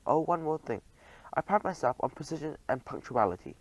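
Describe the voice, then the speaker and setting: A man's voice: on the high side, lively intonation, fairly quick, no echo, voice pushed up, rough recording. A man voicing a cheerful young male French mouse butler in a storybook, eager, confident and chatty. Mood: lively.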